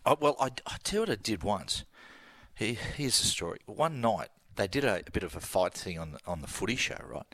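A man's voice: fairly low pitch, big pitch swings, fairly quick, a bit bright, no echo. An Australian man, a sports commentator guest, telling a laughing story in casual radio chat. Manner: yarn-spinning, laughing storyteller.

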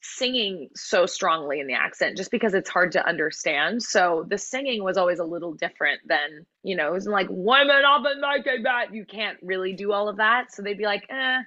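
A woman's voice: fairly low pitch, fairly quick, few pauses, sharp tone, no room sound, muffled recording. A woman, a musical theatre actress, chatting as a guest in an interview with lots of fillers and restarts. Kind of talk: casual interview chat.

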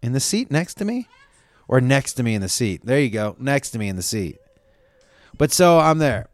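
A man's voice: mid-range voice, sing-song, moderate pace, dry recording. A man hosting his show, telling a long casual story with lots of swearing, asides and self-corrections. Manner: rambling, profane, self-correcting.

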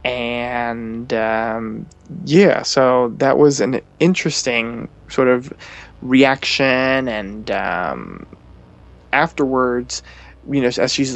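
A man co-hosting a podcast, chatting casually as he recaps a TV episode in a meandering way and quotes the characters' lines. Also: medium pitch.

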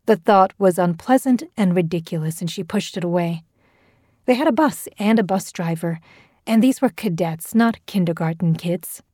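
A woman narrates a horror story in a measured, scripted way. Her voice is low and mellow, recorded close and dry with no room sound. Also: no room sound.

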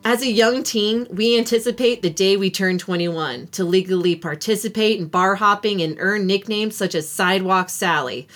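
A woman's voice: medium pitch, moderate pace, few pauses, fairly bright tone, faint music behind. A woman hosting a podcast interview, chatty and playful, telling stories and laughing often. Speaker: podcast host. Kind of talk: casual interview chat.

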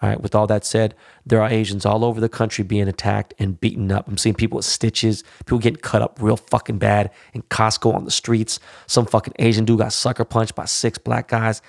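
A man speaks in a low, gravelly voice, heavy with vocal fry. The sound is dry and close, with no room around it. He rants bluntly to his listeners, swears freely and keeps checking in with "you know?" and "all right?". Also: flat delivery, a little fast, few pauses, dry recording. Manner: frequent tag questions like "all right?". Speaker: podcast host. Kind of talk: profane monologue.

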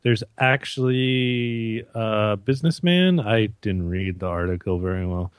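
A man's voice: on the low side, expressive, a little slow, clean tone, dry recording, clean studio sound. A Canadian man co-hosting a podcast, rambling and joking with lots of fillers and restarts. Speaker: podcast co-host. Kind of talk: casual chat.

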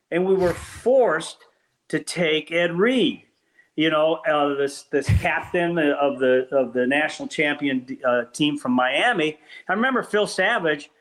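An older man recalls old times as an interview guest, his voice sitting a little high for a man. He tells his stories with animation, often restarting his sentences as he goes. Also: poor audio. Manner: animated storyteller with many restarts. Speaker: former team PR executive, guest. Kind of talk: storytelling anecdotes in an interview.

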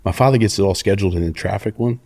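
A man's voice: lowish voice, very fast. A middle-aged man, telling stories as an interview guest in a profane, cocky way. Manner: profane, cocky, animated storyteller. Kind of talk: casual storytelling.

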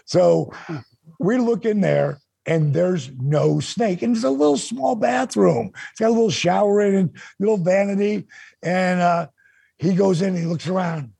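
A man with a raspy, gravelly voice telling an animated story in casual chat, acting out the quotes. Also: measured pace, no room sound. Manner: animated, acts out quotes with big pitch jumps. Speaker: guest storyteller.

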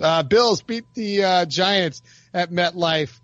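A man's voice: high voice, animated, unhurried, a bit bright, dry recording. Joking man rattling off football stats. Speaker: podcast host. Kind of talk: casual sports chat. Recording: dry, dull lo-fi sound.

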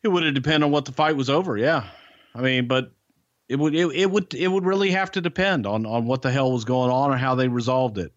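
A man's voice: mid-range voice, a little fast, dry recording, dull audio. Blunt, folksy podcast man. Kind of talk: casual storytelling chat.

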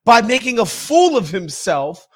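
A man's voice: extremely high pitch, very animated, measured pace. A man hosting a podcast, talking bluntly and animatedly, with plenty of swearing. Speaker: podcast host. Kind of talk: casual opinionated chat.

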